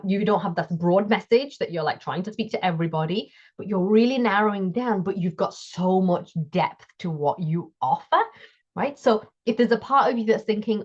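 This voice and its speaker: Emphatic woman coaching, dull audio. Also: on the low side. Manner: emphatic, keeps checking in with "right?". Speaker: business coach and host. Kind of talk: solo coaching talk to camera.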